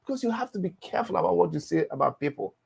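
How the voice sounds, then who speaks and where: A man's voice: fairly high pitch, big pitch swings, racing, vocal fry, a little mellow, husky. A man delivering an impassioned, preachy monologue broadcast, scolding and repeating himself for emphasis. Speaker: broadcaster addressing critics.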